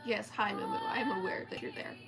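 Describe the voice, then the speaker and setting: A woman's voice: very high-pitched, wildly swooping pitch, a little fast, loud music behind the voice. A woman reading a story aloud at home in a casual storytime style, chatting and swearing offhandedly as she talks to her cats.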